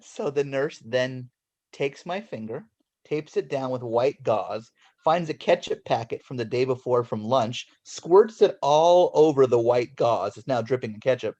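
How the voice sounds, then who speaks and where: A man from Los Angeles in his forties, a guest, relates a childhood story at an unhurried pace in a medium-pitched voice. He brings it to life by acting out the voices, though the recording is muffled.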